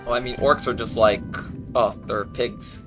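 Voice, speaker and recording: A man's voice: mid-range voice, fairly even intonation, moderate pace, over music. A man streaming a game, chatting casually and ad-libbing jokes over it. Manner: jokey, ad-libbing, breaks into laughter. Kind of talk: casual gaming stream chat.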